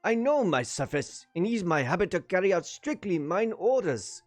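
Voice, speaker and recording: Man doing a high, heavily German-accented, stiff colonel, slow and solemn; clipped broken English, a bit off-mic. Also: very animated, dry recording, soft background music. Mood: aggrieved. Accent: German (put on). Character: stubborn aggrieved German colonel, male, solemn.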